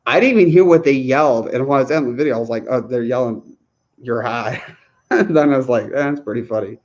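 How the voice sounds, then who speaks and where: A man's voice: mid-range voice, fast, darkish tone, dull audio. A man chatting casually on a livestream Q&A, rambling, chuckling often and restarting his sentences. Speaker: livestream host answering viewer questions.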